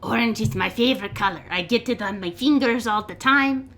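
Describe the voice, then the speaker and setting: A woman voicing an excitable small male goblin prisoner who talks in broken, eager phrases. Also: a little fast. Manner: broken speech, eager, squeaky.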